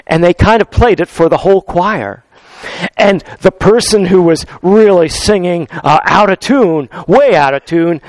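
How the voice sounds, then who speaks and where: A man preaching a sermon in a church, unhurried and talking straight to his congregation, repeating key phrases for emphasis. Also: high voice, no echo. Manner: addresses congregation directly.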